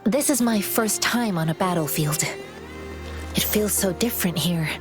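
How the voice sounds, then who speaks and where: A woman's voice: medium pitch, lively intonation, normal speed, music in the background, close to an everyday voice. A woman voicing a gracious young newcomer. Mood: polite. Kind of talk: video game voice acting.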